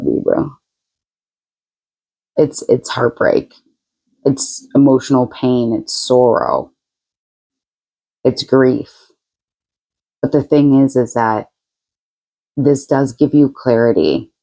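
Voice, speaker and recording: A woman's voice: rumbling low, lively intonation, takes it slowly, long pauses, dark tone, low-quality recording. Chatty, frank woman reading tarot. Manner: chatty and frank, laughs often, blunt slang. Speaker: tarot reader. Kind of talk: casual tarot reading to camera.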